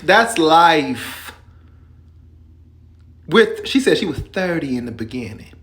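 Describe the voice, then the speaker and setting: Higher-voiced man hosting and commenting. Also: fairly bright tone. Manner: incredulous, direct questions to the audience. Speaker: host and commentator. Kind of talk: casual commentary.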